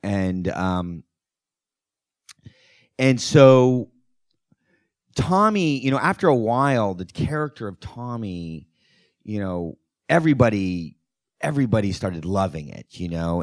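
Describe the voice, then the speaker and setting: A man, a film director, telling anecdotes in an animated, laughing way as a guest at a Q&A. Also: on the low side, dry recording, studio quality. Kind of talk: anecdotal storytelling at a Q&A.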